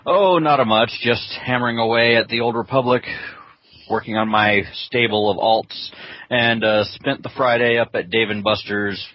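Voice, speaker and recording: A man's voice: mid-range voice, steady tone, normal speed, dry recording. A man co-hosting a casual gaming podcast, giving dry, brief remarks. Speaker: podcast co-host. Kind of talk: casual chat. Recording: dry lo-fi audio.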